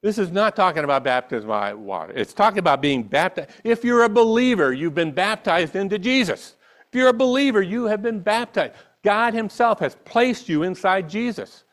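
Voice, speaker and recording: A man's voice: high voice, lively intonation, normal speed. A man preaching a sermon, reading scripture and then pressing his listeners with rhetorical questions and emphatic repetition. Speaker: pastor.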